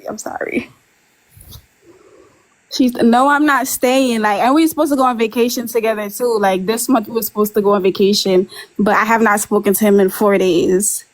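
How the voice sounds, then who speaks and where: A woman's voice: medium pitch, fairly even intonation, fairly quick, rough recording. A woman in her twenties, a caller on a live stream, telling a rambling personal story with nervous laughs and many fillers. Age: 20s. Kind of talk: casual confessional storytelling.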